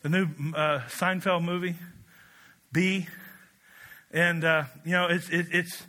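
A man preaching a storytelling sermon in an animated, joking way, swinging up to excited shouts. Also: high-pitched, takes it slowly.

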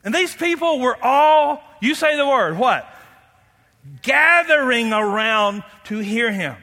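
Preaching a sermon in a big, echoing church hall, this male pastor has a very high, bright voice and takes his time. He stays lively and playful, engaging the congregation with questions.

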